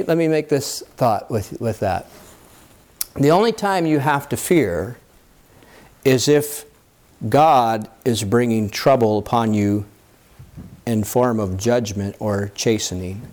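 This sermon features a man reading scripture and addressing his congregation in plain terms. His voice goes high and loud for acted pleas before sinking low and soft in reassurance.

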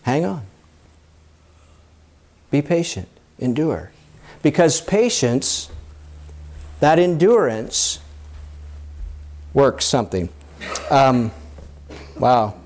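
A man preaching a sermon, reading scripture aloud and talking plainly to a congregation, his voice climbing high when he voices people's pleas and dropping low and soft to reassure. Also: animated, slow pace, pauses often. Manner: reads scripture aloud, then rises high and loud in acted pleas.

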